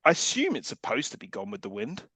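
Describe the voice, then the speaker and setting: A man's voice: medium pitch, huge pitch swings, quick pace, sharp tone, dry recording. A man trading dry, joking asides as co-host of a casual podcast. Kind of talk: casual chat recapping a film.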